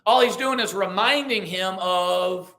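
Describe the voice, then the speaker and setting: A man with a high, somewhat bright voice teaches a church Bible study at a measured pace. His style is conversational: he reads verses, asks the class questions, and works through ideas aloud with restarts.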